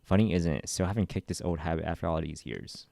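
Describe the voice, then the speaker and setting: A man reading as a weary old statesman, gravelly and low. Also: lively intonation, fast, dark tone, no echo. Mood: wistful.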